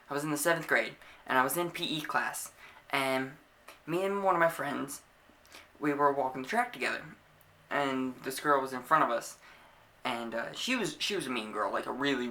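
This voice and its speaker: A man's voice: on the high side, sharp tone. A young man vlogging a casual storytime to camera, laughing often and acting out the scenes as he tells them.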